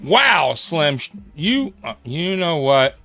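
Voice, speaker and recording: Slow, bright-voiced man laughing and swearing. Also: a little high, big pitch swings, creaky. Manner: laughing, profane, slangy. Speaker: livestream sports show host. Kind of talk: casual chat.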